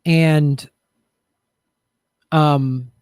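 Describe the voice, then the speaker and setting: A man's voice: a little high, fairly even intonation, drawn-out words, darkish tone, dry recording, clean studio sound. A man hosting a show, talking in a casual, reflective and rambling way to his viewers, with many fillers and restarts. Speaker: show host. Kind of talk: casual commentary to live chat.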